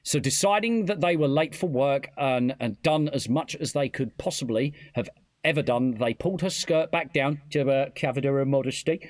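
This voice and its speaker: A man's voice: mid-range voice, moderate pace, dry recording. A British man hosting a podcast, reading a true-crime story aloud with stumbles and self-corrections. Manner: reads the story aloud with stumbles, laughs a lot. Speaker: podcast host. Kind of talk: casual podcast narration.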